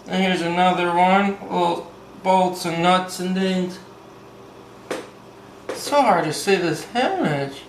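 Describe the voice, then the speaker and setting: Male drawing tutor, playful and upbeat, high bright voice, recorded in an echoey room. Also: unhurried, slight background noise. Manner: upbeat, playful, calls things "baby", breaks into little sung bits. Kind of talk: casual step-by-step drawing lesson.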